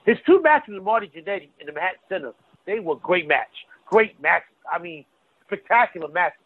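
A man's voice: sits high, expressive, a little fast. A man co-hosting a casual wrestling talk show, emphatic and full of restarts. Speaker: wrestling podcast co-host. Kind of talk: casual chat. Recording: tinny phone-like line, dry.

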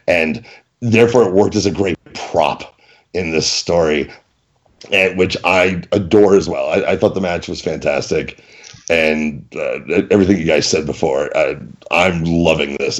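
Profane, lower-pitched man in casual banter. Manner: profane, animated, mock-indignant banter. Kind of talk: casual chat.

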